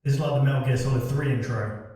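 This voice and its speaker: A man's voice: mid-range voice, fairly even intonation, fast, warm tone, heavy reverb, far from the mic. A man giving casual, joking commentary while reacting to a horror video. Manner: joking, exclamatory. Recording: video soundtrack music playing behind.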